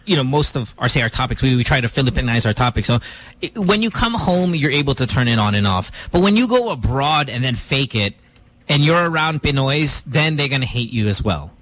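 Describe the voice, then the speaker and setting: A man's voice: medium pitch, no room sound. A man from New York hosting a morning radio show, chatting with callers and laughing easily. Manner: lively, quick to laugh. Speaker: radio host. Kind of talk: casual radio banter.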